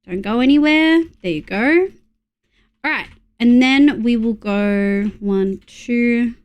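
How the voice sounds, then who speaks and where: A young Australian woman with a slightly high, smooth voice speaks slowly while streaming a game. She makes casual conversation with her viewers, mutters to herself, and swears when something annoys her.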